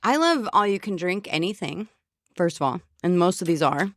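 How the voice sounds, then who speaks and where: A woman's voice: lowish voice, sing-song, moderate pace, no room sound, clean studio sound. A woman co-hosting a podcast, chatting casually in a bubbly, self-mocking way and laughing often. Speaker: podcast co-host. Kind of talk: casual chat.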